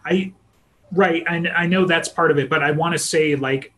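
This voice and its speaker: A man's voice: a little high, normal speed, sharp tone. A man co-hosting a podcast, rambling in a casual way and filling his talk with "like" and "you know". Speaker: podcast co-host. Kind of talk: casual chat.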